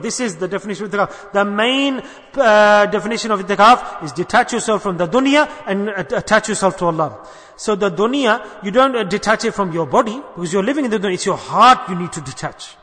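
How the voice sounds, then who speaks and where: A man's voice: sits high, pushed and bright, long reverb tail. A man giving an Islamic sermon, emphatic and repetitive, asking the listeners rhetorical questions. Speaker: Islamic preacher.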